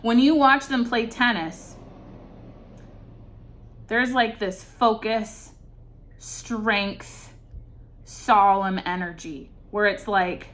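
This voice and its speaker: A woman's voice: mid-range voice, lively intonation, slow, long pauses, fairly bright tone, a little hiss or hum. A woman giving an intuitive tarot reading, earnest and searching for words with many fillers. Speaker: tarot reader.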